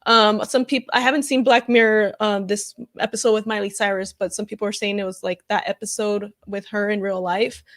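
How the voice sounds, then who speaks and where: A woman's voice: medium pitch, little pitch movement, fairly quick, hardly any pauses. Heated woman ranting through a reaction video. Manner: heated and upset, rambling with many fillers; reads viewer comments aloud. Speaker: comedian reacting to news. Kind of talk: casual emotional reaction vlog.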